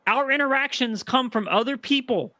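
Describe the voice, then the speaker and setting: A woman's voice: high voice, normal speed, pushed and bright, dry recording, clean studio sound. A woman in a heated livestream argument, pleading and aggrieved. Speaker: streamer in a dispute.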